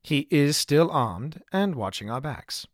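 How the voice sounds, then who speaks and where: A man voicing a calm, cautious airship navigator who gives quiet, measured orders in an audiobook. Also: fairly high pitch, no room sound. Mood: steady. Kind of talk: audiobook character voice.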